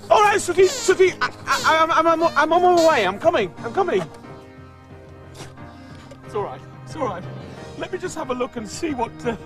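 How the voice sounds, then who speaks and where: A man's voice: very high-pitched, sing-song, moderate pace, pauses often, music in the background. A man hosting a comic children's puppet show, fussing and exasperated as he keeps giving in.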